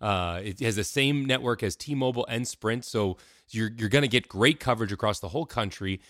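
A man's voice: on the low side, fairly quick, a bit bright, no room sound. Male co-host, punchy ad-read delivery, dry close mic. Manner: emphatic, persuasive. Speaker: podcast co-host. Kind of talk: conversational ad read.

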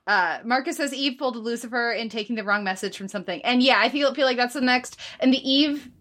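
A woman's voice: fairly high pitch, fast talker, a bit bright. Easygoing woman reading out listener comments. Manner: easygoing, hesitant fillers. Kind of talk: casual chat.

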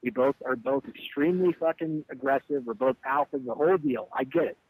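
Speaking fairly quickly in a mid-range voice, a band leader gives a candid interview account of a bandmate walking out on a show. He's heated, animated and profane, voicing the quotes himself. The recording has no room sound and low quality.

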